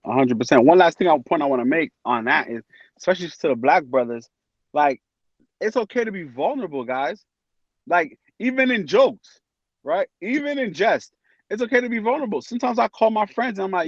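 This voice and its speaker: A man talks casually as a podcast guest, animated and quick to act out his friends' voices. His voice sits a bit high. The sound is dry and slightly muffled. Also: no echo. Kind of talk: casual chat.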